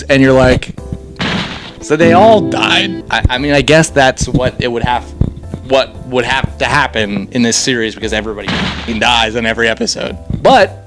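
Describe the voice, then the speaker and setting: A young man talks through an anime series in a loose, slangy review, excitable and quick to laugh. His voice sits at an ordinary middle pitch. Faint music plays behind him. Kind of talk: casual spoken review.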